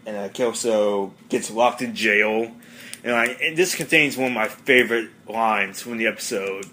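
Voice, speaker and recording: Man, podcast host, casual monologue, rambling with fillers, bright forceful tone, slightly low voice. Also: moderate pace, slight background noise.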